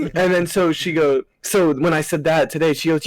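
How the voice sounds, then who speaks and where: A young man co-hosting a casual podcast, telling lively work stories and laughing as he acts out his coworkers. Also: a little high, fairly quick, few pauses, poor audio. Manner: animated storytelling, laughing and acting out coworkers. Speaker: podcast co-host. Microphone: podcast mic over internet call.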